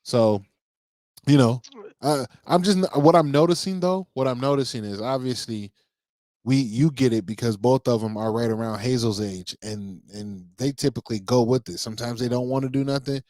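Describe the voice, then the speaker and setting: An easygoing man in his thirties co-hosts a podcast in a mid-pitched voice. He tells loose, wandering stories, padded with fillers. The sound is dry and close. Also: moderate pace, darkish tone, dry recording. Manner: rambling storyteller, leans on fillers like "like" and "you know". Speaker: podcast co-host. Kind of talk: casual chat.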